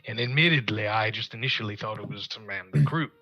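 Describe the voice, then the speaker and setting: A man's voice: on the low side, fast talker, sharp tone, highs cut off, soft background music. A man playing a tabletop game, telling a rambling, digressive story in character. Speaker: tabletop player.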